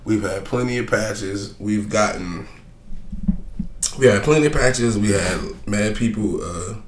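A man's voice: lowish voice, a little slow, a little hiss or hum. A young man hosting a solo podcast, ranting bluntly and profanely in a rambling, offhand way. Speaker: podcast host. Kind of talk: casual solo podcast rant.

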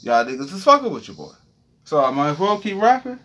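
A man's voice: a little high, very animated, fast, a bit bright. A young man giving a heated, profane, preachy freestyle rant monologue.

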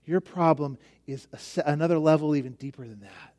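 A man's voice: a little high, fairly quick, darkish tone. A man preaching a conversational sermon, emphatic at times and dropping almost to a whisper at others. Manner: conversational, emphatic, with frequent restarts and drops to near whisper.

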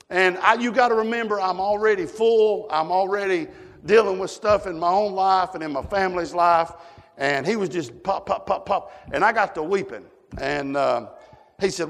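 A man's voice: a little high, moderate pace, creaky. A man preaching a fervent sermon, punctuating his points with frequent amens. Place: church sanctuary. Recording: long church hall reverb.

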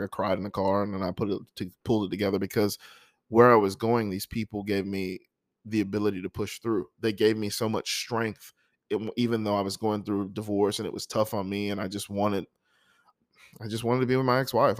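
A man with a lowish voice tells a personal story in a soft, halting, emotional way. The recording is dry and close, with no room sound. He pauses often as he gathers himself before reading his poem. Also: no room sound. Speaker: poet introducing a poem.

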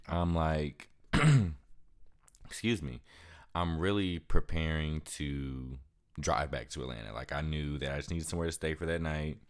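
A young man casually retelling a story for his vlog, with lots of "like" fillers and lively quoted asides. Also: extremely low pitch, normal speed, clean tone. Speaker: vlogger.

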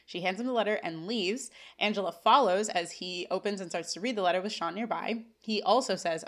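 Fast-talking young woman podcast co-host. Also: medium pitch. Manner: reads scene dialogue aloud with animated bursts and laughs. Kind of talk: casual recap chat.

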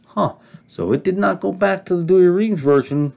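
A man's voice: high-pitched, moderate pace, gravelly, a little mellow. A man with a North Dakota accent hosting a podcast, arguing emphatically and rambling over a home mic setup. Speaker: podcast host. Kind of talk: casual solo commentary on Bible versions. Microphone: amateur home mic, moves off-mic when turning.

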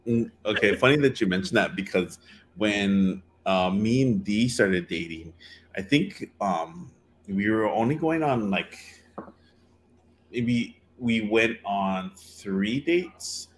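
A man chatting casually on a podcast, voice sitting a little low. He tells his story in loose, rambling turns, padding it with fillers and restarting his sentences. A faint hiss runs under the recording. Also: lively intonation, slow.

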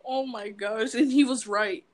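A woman's voice: a little high, a little slow, a little hiss or hum. A young woman in casual chat, telling stories with lots of giggling. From United States. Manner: giggly, animated storytelling.

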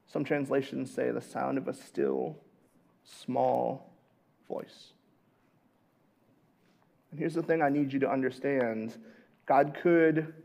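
A man in his thirties preaching a conversational sermon as a pastor, dropping to a hush and then rising loud and animated. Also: medium pitch, gravelly.

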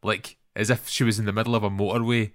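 A man's voice: lowish voice, level tone, fast, dry recording, clean studio sound. A man co-hosting a film podcast in casual chat, blunt and matter-of-fact. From Scotland. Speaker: podcast co-host.

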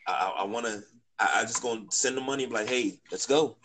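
A man's voice: medium pitch, rapid-fire, pushed and bright, slight background noise. A man co-hosting a podcast in casual chat, talking with stammered restarts. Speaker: podcast co-host.

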